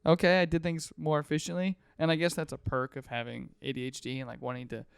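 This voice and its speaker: Young man, podcast host, animated storyteller, smooth voice, dry close recording. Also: fairly high pitch, fast talker, no echo. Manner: lively, acts out people and sound effects in his stories. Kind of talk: casual chat, animated storytelling.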